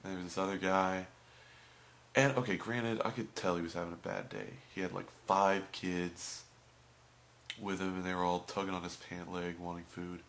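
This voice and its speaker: A young man telling stories about a fast food job in a casual vlog. He swings between loud outbursts and muttered asides. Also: low-pitched, fairly even intonation. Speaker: vlogger.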